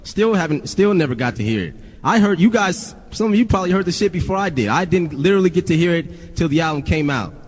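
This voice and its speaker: A man's voice: a little high, expressive, quick pace, few pauses. A man being interviewed, telling a story in a candid, casual way with swearing and repetition. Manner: candid, profane, repeats himself.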